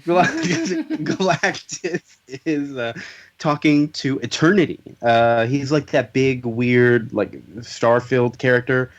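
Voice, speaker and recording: A man's voice: medium pitch, steady tone, measured pace, highs cut off. A man hosting a casual comics podcast, summing up plot points in a joking, playful way and acting out lines. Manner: joking, summarizes plots with playful voiced quotes. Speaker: podcast host.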